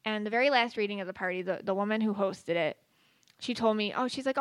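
A woman's voice: medium pitch, fast talker, smooth, dry recording. A woman hosting a podcast, talking casually with many fillers and restarts. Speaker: podcast host and psychic medium. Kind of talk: casual spoken monologue.

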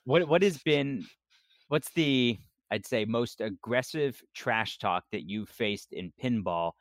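A man's voice: mid-range voice, slow pace, dry recording, studio quality. A man hosting a casual interview, asking eager questions with repeated starts.

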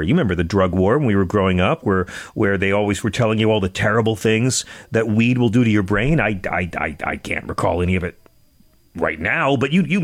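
Wry, low-voiced New talk radio host. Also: male voice, no room sound. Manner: sarcastic, joking, quick asides with stammered restarts. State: a little out of breath. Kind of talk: political talk radio monologue.

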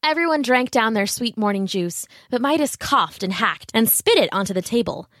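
A woman's voice: on the high side, expressive, normal speed, fairly bright tone, no echo, studio quality. A woman narrating a fairy tale steadily, with asides to the listener. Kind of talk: storybook narration.

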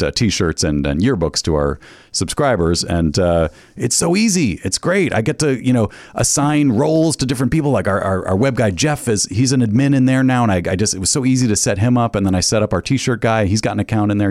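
A man co-hosting a podcast, asking earnest deadpan questions in casual chat. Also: on the low side, a little fast, dry recording, studio quality. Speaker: podcast co-host.

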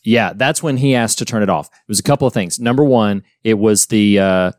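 Low-voiced man in casual film chat. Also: brisk, no room sound, studio quality. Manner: animated, many fillers and restarts. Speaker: podcast co-host.

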